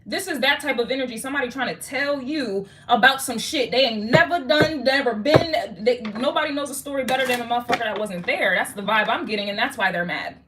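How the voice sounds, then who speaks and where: A woman's voice: a little high, a little fast, hardly any pauses, noisy background. A woman giving a casual tarot reading, slangy and swearing, talking straight to the viewer. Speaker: tarot reader.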